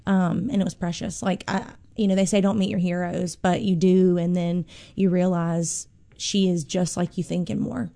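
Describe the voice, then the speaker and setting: A woman's voice: lowish voice, level tone, normal speed, creaky, few pauses, mellow. Casting note: woman, musician guest, gushing and emotional, lots of "like" and "um". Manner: gushing, emotional, filler-heavy storytelling. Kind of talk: casual interview storytelling.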